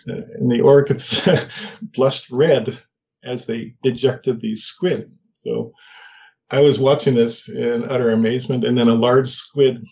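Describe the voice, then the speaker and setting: Older man with a gravelly voice. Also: medium pitch, a little mellow, muffled recording. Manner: halting, many restarts and fillers, laughs at himself. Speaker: guest. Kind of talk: personal story in conversation.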